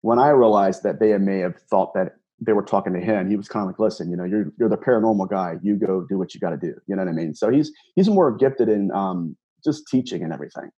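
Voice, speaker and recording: A man being interviewed, retelling a personal encounter in an animated way, often restarting and repeating words. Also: sits low, fast, few pauses, slightly rough, muffled recording. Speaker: guest, paranormal investigator. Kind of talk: storytelling interview.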